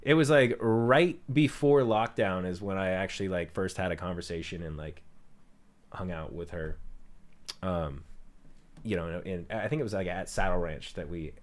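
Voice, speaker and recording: Low-voiced man chatting candidly on stream. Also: moderate pace. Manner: candid, rambling, swears freely. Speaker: streamer and musician. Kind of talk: casual livestream chat.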